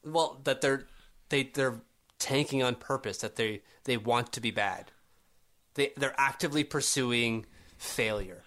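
A man's voice: mid-range voice, a little slow, sharp tone. A man co-hosting a casual sports podcast, arguing his points and getting worked up in exasperated rants. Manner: argumentative, rising to exasperated rants. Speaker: podcast co-host.

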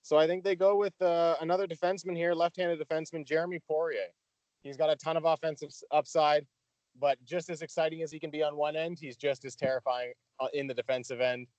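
A man giving his draft pick as a podcast guest, steady and explanatory. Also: a little high, fast talker, no echo, dull audio. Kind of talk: casual podcast chat.

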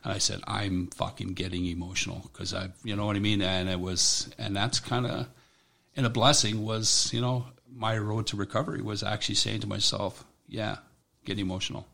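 A middle-aged man recounts his military years in an interview. His voice sits low and has a gravelly edge. He speaks bluntly, swears freely and often restarts his sentences. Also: fairly even intonation, bright, forceful tone. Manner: blunt, profane, halting. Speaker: military veteran guest. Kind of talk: personal account in an interview.

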